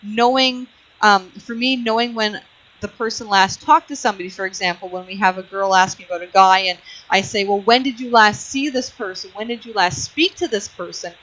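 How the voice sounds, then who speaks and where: A woman's voice: mid-range voice, fairly even intonation, fairly quick, fairly bright tone. A woman hosting a call-in psychic show, chatting casually with plenty of fillers and frequent laughs. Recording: muffled lo-fi online radio audio.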